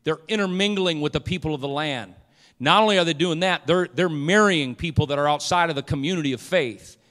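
A man's voice: on the high side, a little fast, a bit bright. A male pastor preaching a fervent sermon in a church, repeating key words with rising intensity. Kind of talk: impassioned sermon. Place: church sanctuary. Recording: long hall reverb from a church.

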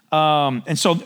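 A man preaching a sermon in a conversational way, often asking his listeners for agreement and clearing his throat. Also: fairly high pitch, a bit bright. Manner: conversational, asks the congregation for agreement. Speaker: pastor.

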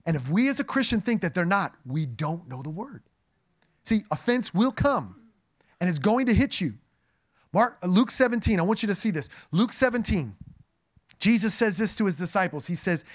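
A man preaching a sermon to a congregation, animated and joking as he speaks to them directly. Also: sits high. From New Jersey. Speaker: pastor. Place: church sanctuary.

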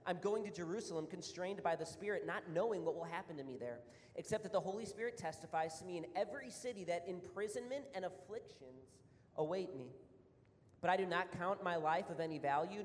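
A man's voice: fairly high pitch, slight background noise. A man preaching a sermon as a pastor, reading scripture aloud and then explaining it in an earnest, emphatic way, a little out of breath. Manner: earnest, rising to emphatic repetition. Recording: long reverb of a hall.

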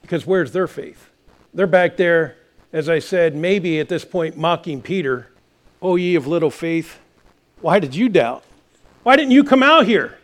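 A high-pitched man delivers a sermon from the pulpit. He preaches with passion, now and then rising to shouts. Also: lively intonation, a little slow. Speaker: pastor.

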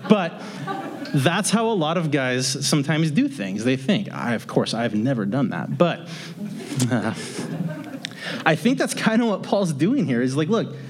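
A man teaching a Bible passage verse by verse in a casual, conversational way, mixing in joking asides. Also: medium pitch.

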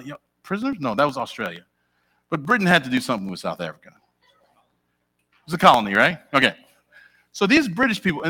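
A middle-aged man preaching a sermon in a church, chatting directly with his congregation and asking them questions. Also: a little high. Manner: animated, conversational, talks directly with the congregation.

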